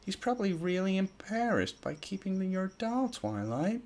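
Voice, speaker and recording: A man voicing a timid, gentle mare pony who speaks softly and hesitantly. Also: high voice, very animated, normal speed, pitched above the performer's own voice. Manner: soft, hesitant.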